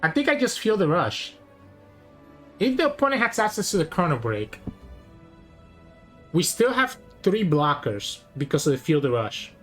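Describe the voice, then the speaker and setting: A man narrating his own card game matches in real time, talking through every decision out loud. His voice rises and falls a lot, full of lively swings in pitch. Faint music plays softly underneath him. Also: moderate pace, pauses often. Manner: thinks aloud, weighing each play. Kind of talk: live gameplay commentary.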